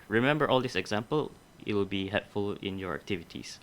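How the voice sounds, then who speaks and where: Low-voiced young man teaching methodically. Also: lively intonation, a little fast, a bit bright, a little hiss or hum. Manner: methodical, explains step by step, corrects himself. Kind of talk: micro-teaching grammar lesson.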